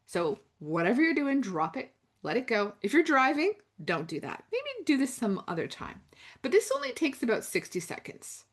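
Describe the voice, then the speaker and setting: A woman coaching listeners through spoken affirmations, slow and intimate, with dramatic pauses and drops to a near whisper. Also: a little high, huge pitch swings. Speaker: self-help coach. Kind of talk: guided affirmation talk.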